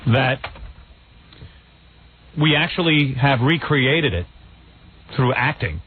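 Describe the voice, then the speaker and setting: A man's voice: mid-range voice, expressive, slow pace, noisy background. A man hosting a radio show, joking loosely and wisecracking. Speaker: radio host. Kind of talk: comedic radio banter. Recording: tinny phone-like radio audio.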